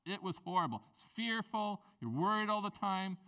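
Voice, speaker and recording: A man preaching a sermon as a pastor, in a conversational, animated way with playful asides. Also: sits high, normal speed, clear, resonant tone, distant mic.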